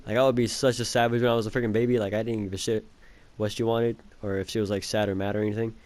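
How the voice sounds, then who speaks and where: A man's voice: on the low side, flat delivery, very fast, a little mellow. Rambling, profane young man telling a story. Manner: rambling, profane, full of fillers and laughs. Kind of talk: casual storytime vlog.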